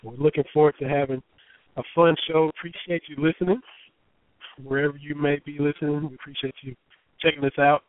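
A man in his thirties hosting a casual sports talk radio show, his voice still hoarse, chatty and folksy with many fillers. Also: fairly high pitch, level tone, brisk, dry recording. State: hoarse, recovering voice. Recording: tinny phone-line audio.

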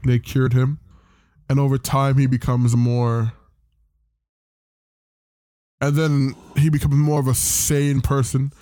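A man's voice: mid-range voice, level tone, takes it slowly, long pauses, warm tone, dry recording, clean studio sound. A man hosting a podcast, casually recapping a comic in a rambling, profane way and briefly putting on voices for the characters. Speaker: podcast host.

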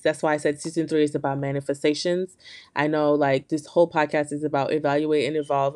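An earnest podcast host speaks in a candid solo chat, leaning on "like" at every turn. The talk is slangy and loose, and it lifts into animated bursts when the mood turns hopeful. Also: medium pitch. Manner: earnest, candid, heavy on filler "like".

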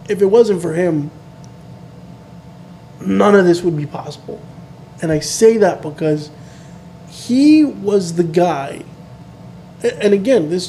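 A man's voice: a little high, warm tone, slight background noise. A man in his thirties hosting a casual chat, talking earnestly and reflectively in loose restarts.

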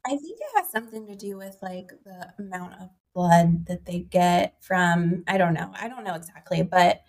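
A woman's voice: on the low side, expressive, moderate pace. A young woman, a podcast guest, telling a personal story in a chatty way, with many fillers and quoted dialogue. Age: young adult. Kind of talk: conversational storytelling.

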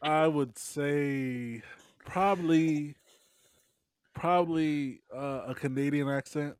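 A man's voice: on the high side, slow pace, clean tone, no echo. A man co-hosting a casual podcast chat, talking with many fillers and restarts. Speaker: podcast co-host.

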